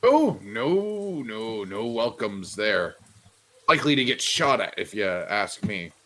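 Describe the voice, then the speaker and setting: A man voicing a gruff, suspicious male shopkeeper who talks with scorn and mockery. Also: on the low side, big pitch swings, slow pace, pushed and bright, a little hiss or hum, full character voice. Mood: scornful. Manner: scornful, mocking.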